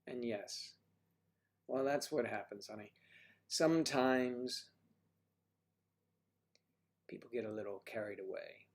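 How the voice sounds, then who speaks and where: A man's voice: mid-range voice, slow pace, pauses often. A man hosts a casual livestream and reads viewer comments aloud. He chats in a teasing way and calls his viewers sweetie and honey. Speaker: livestream host reading chat.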